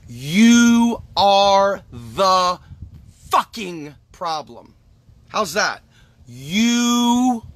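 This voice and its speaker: A man's voice: high voice, bright, forceful tone. A man delivering an angry, emphatic political monologue as host, swearing and repeating lines for effect. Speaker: podcast host.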